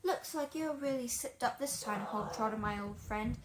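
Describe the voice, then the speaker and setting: A woman's voice: on the high side, normal speed, noisy background, lightly acted. A woman reading a bubbly child film star. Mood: breezy.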